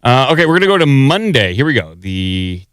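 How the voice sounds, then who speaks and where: A man's voice: medium pitch, big pitch swings, fairly quick, fairly bright tone, clear, resonant tone, no echo, clean studio sound. A man hosting a podcast, talking casually while he plays clips and fixes the sound settings. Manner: rambling while working the sound board. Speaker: podcast host. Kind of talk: casual chat.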